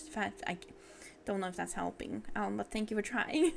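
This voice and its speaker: A woman's voice: mid-range voice, fairly even intonation, normal speed, gravelly, a little hiss or hum. A woman streamer chatting casually with her viewers while playing a game, giggly and a little apologetic.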